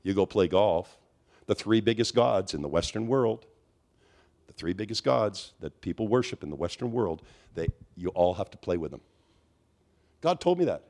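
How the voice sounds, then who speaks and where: A man preaching a charismatic sermon, telling stories with animated swings and climbing to high, near-shouted peaks. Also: normal speed.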